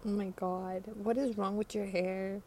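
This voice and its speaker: A woman's voice: mid-range voice, steady tone, unhurried, darkish tone, a little hiss or hum. Rambling slangy young woman, congested. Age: teens. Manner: rambling, slangy, swearing, giggly. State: congested from a cold. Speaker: podcast host. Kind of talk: casual late-night monologue. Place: by a window at night.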